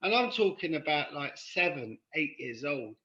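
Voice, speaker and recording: A man's voice: a little high, big pitch swings, normal speed, background noise. A man with a London accent, raised in London after being born in Ireland, telling stories as a podcast guest in a rambling, casual way. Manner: rambling, often asks "do you know what I mean". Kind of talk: casual conversational storytelling. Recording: dull lo-fi sound.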